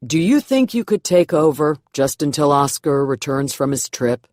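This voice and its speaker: Woman narrator doing a soft-spoken Southern preacher, benevolent and drawling, slow and a touch lower, dry close audiobook sound. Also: animated, no room sound. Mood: gentle. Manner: slow, drawling, calling out across a stage. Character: benevolent middle-aged male Southern reverend.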